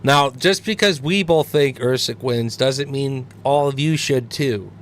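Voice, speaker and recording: A man co-hosting a sports podcast, laid-back and profane, often trailing off into quiet, subdued remarks. His pitch is an ordinary middle. A faint hum sits in the background. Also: a little slow. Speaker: podcast co-host. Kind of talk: casual sports banter.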